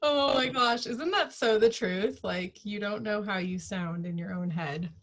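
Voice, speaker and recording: A woman hosting a team training call over video, talking in a chatty, upbeat way with quick asides. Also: medium pitch, fairly bright tone. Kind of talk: casual online tutorial chat.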